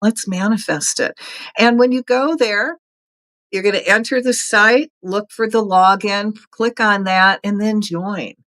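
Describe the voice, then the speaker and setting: A woman's voice: medium pitch, a little slow, fairly bright tone, dry recording, poor audio. A middle-aged woman hosting a casual spiritual talk, earnest, chatty and encouraging. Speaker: host.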